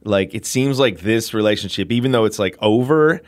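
A man as an interview guest, chatting in an animated way and telling a personal story with lots of fillers. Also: on the low side, fairly quick. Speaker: guest telling how he met his wife. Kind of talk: casual storytelling.

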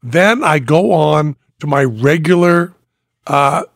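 Casting a gravelly, husky male podcast host with a slightly high voice, animated storyteller, dry close sound. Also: slow, no room sound. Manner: animated, laughs while telling stories. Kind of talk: casual storytelling chat.

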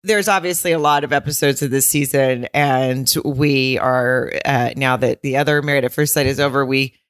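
Woman podcast host, low voice, jokey chatty, swears a bit. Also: steady tone, moderate pace, no echo, clean studio sound. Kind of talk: casual chat.

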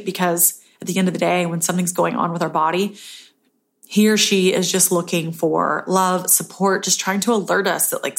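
Lower-pitched woman hosting a self-help podcast. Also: a bit bright. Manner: earnest, self-help tone, frequent "right?" tag questions; acts out inner voices in a higher pitch. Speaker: podcast host. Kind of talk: casual solo podcast talk.

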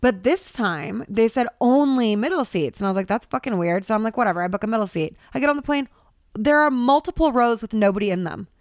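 A woman's voice: fairly high pitch, lively intonation, fast, no room sound, studio quality. A young woman co-hosting a casual podcast, telling stories in an exasperated, profane rant. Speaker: podcast co-host. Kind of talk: casual chat, storytelling.

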